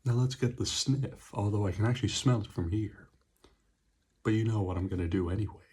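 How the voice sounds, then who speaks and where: A man's voice: fairly low pitch, fairly quick, dark tone, slightly rough. A young man reviewing an energy drink, making sarcastic, swearing asides. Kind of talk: casual product review vlog.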